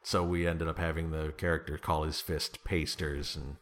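A man's voice: rumbling low, little pitch movement, moderate pace. A man talking as an author guest in a casual interview, playful, laughing often and slipping into comic voices.

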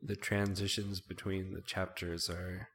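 Slow, deep-voiced hesitant man. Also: little pitch movement, fairly bright tone. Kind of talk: casual chat.

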